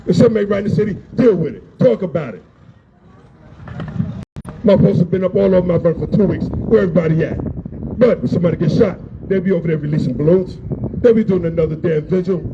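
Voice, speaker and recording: Speaking quickly in a high voice, a rally speaker on the street delivers a blunt, emotional speech, raising his voice and going over his points again and again. The recording has a dull lo-fi quality and faint noise.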